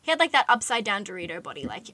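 A woman's voice: medium pitch, big pitch swings, racing, bright, forceful tone, breathy edge, no echo. A young woman, casually telling a true-crime story on a podcast, chatty with lots of "like"s and giggly asides. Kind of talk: casual chat.

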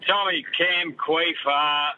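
A man's voice: on the high side, steady tone, takes it slowly, bright, forceful tone. An Australian man calling in with a voice message, telling a blunt, swearing story about his own blunder. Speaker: caller. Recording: dull lo-fi voice message with faint noise.

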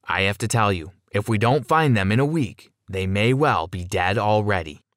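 A man's voice: fairly low pitch, animated, moderate pace, a bit bright, dry recording, studio quality. A man voicing a blunt, stern police officer in a spoken story, grave and matter-of-fact.

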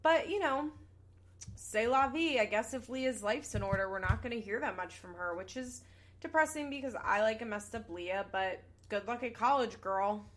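A woman's voice: a little high, moderate pace. A young woman in her twenties hosting a casual podcast, recapping a reality show with chatty, sarcastic asides and casual swearing. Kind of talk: casual chat.

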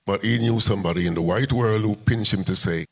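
An older man with a very low, deep voice talks as an interview guest. He tells a long story step by step and acts out what people said along the way. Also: fairly quick, husky. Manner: recounts events step by step, acting out quoted dialogue. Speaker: music promoter and interview guest.

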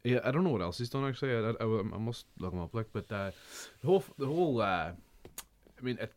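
A man's voice: medium pitch, lively intonation, fairly quick, a little mellow. A man chatting casually about films, swearing often, rambling and laughing a lot. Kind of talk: casual film chat.

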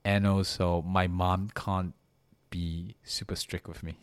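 A man's voice: sits low, flat delivery, slow, clear, resonant tone, no room sound. A man chatting casually as a podcast co-host, rambling with lots of fillers and restarts. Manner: rambling with many fillers and restarts, laughs easily. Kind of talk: casual chat.

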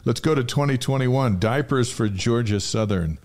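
A man's voice: mid-range voice, normal speed. A man co-hosting a studio talk show, prompting the guest with questions. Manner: prompting questions, steady delivery. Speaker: co-host. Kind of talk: casual studio conversation.

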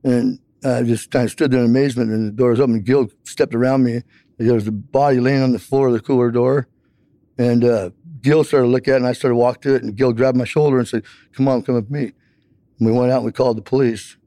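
A man's voice: medium pitch, fairly even intonation, fast talker, warm tone, no room sound. A man telling a long personal account in an interview, rambling with many fillers.

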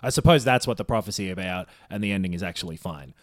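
A man's voice: low-pitched, expressive, fast, dry recording, clean studio sound. A man in casual podcast chat, recapping a TV episode in a laid-back, swearing way with fillers. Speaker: podcast co-host.

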